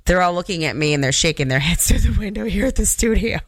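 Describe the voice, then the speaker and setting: A woman's voice: fairly low pitch, animated, quick pace, hardly any pauses, no echo. A woman in her thirties, a radio DJ ranting sarcastically on air from the studio.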